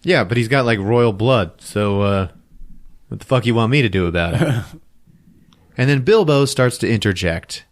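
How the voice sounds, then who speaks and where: A man hosting a podcast, recapping a film plot in a casual, profane, animated storytelling way on a close mic. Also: on the low side, moderate pace, pauses often, no room sound. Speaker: podcast host.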